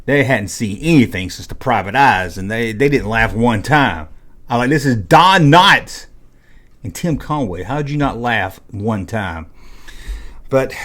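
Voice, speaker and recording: A man in his fifties, a vlogger telling a chatty, rambling personal story with acted-out dialogue. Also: mid-range voice. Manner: rambling, chatty, animated retelling with acted-out quotes. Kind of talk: casual storytelling.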